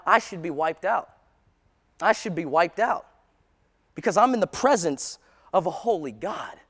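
A man preaching a sermon as pastor, impassioned, building from quiet talk to loud preaching. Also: fairly high pitch, long reverb tail.

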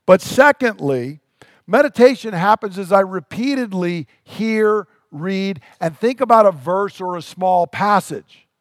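High-voiced man preaching a sermon. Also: expressive, unhurried, no room sound, studio quality. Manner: earnest, emphatic preaching with rhetorical questions. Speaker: pastor.

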